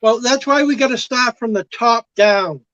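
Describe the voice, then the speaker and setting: A man's voice: very high-pitched, moderate pace, fairly bright tone, no echo. Earnest man on a dull lo-fi line. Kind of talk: political discussion on a call. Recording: dull, dry lo-fi call audio.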